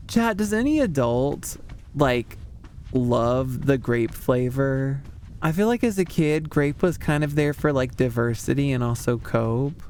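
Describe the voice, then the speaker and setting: A man's voice: mid-range voice, a little mellow, slight background noise. A man streaming as a VTuber, talking casually with chat in a rambling way full of fillers. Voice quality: smooth. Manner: rambling, chatty, lots of fillers.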